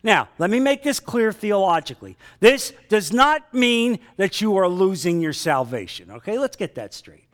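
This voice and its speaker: A man pastor preaching a sermon, dramatic, sometimes dropping to a hushed, emotional tone. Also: sits high, very animated, moderate pace, few pauses.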